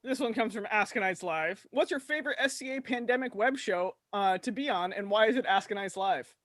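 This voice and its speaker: A woman hosting a live web show, briskly reading out viewer questions and keeping things moving. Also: medium pitch. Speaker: host. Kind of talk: casual live-stream chat.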